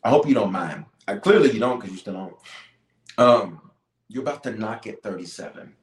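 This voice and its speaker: A man's voice: lowish voice, lively intonation, moderate pace. A man leading a live-streamed prayer as a bishop, fervent and pleading, repeating his points for emphasis. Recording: roomy echo.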